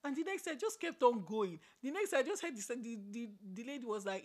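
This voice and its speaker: A woman's voice: a little high, fairly quick. A woman with a Nigerian accent, co-hosting a casual chat and telling her own stories in an easygoing, laughing way. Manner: relaxed, laughing, easygoing delivery. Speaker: podcast co-host.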